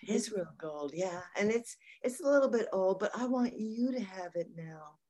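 A woman's voice: medium pitch, lively intonation, moderate pace, mellow, lightly acted. A woman playing a sincere partner in an improvised comedy scene who airs small grievances. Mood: earnest. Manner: earnest, then pointedly complaining. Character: earnest woman giving a keepsake, passive-aggressive.

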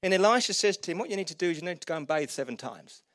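A man preaching a sermon, retelling Bible stories with humour and animated quoted voices. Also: high-pitched, racing, no echo, clean studio sound. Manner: lively storytelling, voices quotes, laughs at own jokes.

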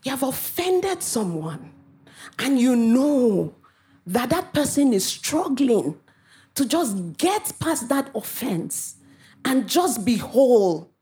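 Animated woman preaching from Africa. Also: on the high side, slow. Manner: animated, acts out quoted voices, playful asides. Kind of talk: sermon.

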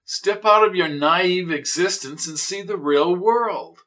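A fussy, easily irritated older gentleman who clips his words with prim precision and huffs with exasperation, as the male narrator plays him. The voice is bright and a little raised. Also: high voice, slow pace, far from the mic, voice pushed up, heavily acted. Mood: lecturing.

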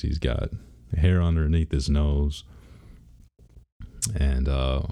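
A man's voice: very deep voice, dark tone, clean tone. A man in his thirties, a father, talking casually in a rambling, laid-back way and laughing now and then. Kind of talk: casual personal vlog.

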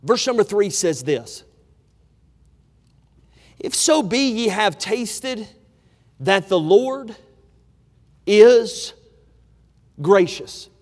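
A man preaching a sermon to a large gathering, emphatic, swinging from loud declarations to hushed asides. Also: sits high, very animated, extremely slow, long pauses. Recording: long hall reverb.

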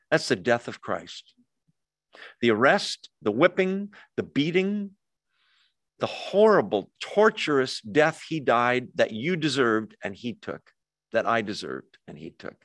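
A male pastor preaching a conversational sermon, acting out quoted voices with lively asides. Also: mid-range voice, dry recording.

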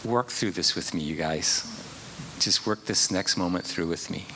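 A man preaching a sermon in an earnest way, at times dropping to a hushed whisper. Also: low-pitched, normal speed, a little hiss or hum. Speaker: pastor.

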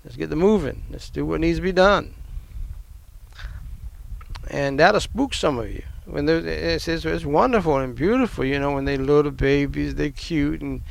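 A man's voice: a little high, normal speed, vocal fry. An older man, a pastor, preaching a sermon in a conversational way, repeating phrases and adding asides.

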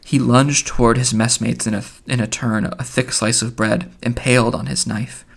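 An audiobook reader narrates literary fiction in a middling-pitched voice with a gravelly, creaky texture and a level tone. He reads in a measured way, occasionally stumbling and correcting himself.

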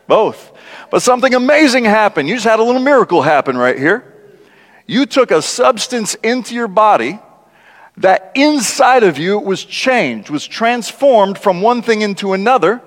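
A man preaching a conversational sermon as a guest speaker, animated and laughing often, acting out the lines he quotes. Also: high voice, normal speed. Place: large church. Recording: church hall with long reverb.

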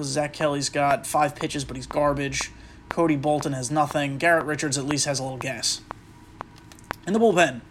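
A man's voice: a little high, a bit bright, slight background noise. A man hosting a podcast, chatting casually and rambling through speculation while he plays a baseball video game, often stopping mid-thought with fillers. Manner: rambling, self-interrupting, with frequent fillers. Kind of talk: casual gaming commentary and speculation.

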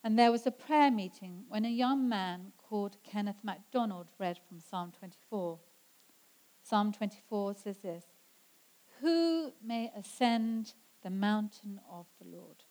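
A woman preaching a sermon in an earnest way, slowing down to stress scripture quotes. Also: medium pitch, darkish tone, poor audio. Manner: earnest, slows down for emphasis when quoting scripture.

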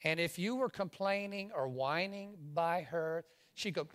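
A middle-aged pastor from Louisiana preaching a sermon, swinging from loud exclamations to hushed asides. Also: male voice, on the high side, unhurried, hardly any pauses.

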